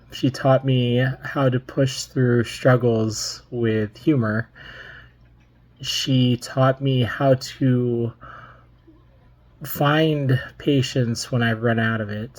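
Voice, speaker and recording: A man giving a personal memorial tribute to a colleague, telling a story slowly and reflectively with gentle humor. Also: medium pitch.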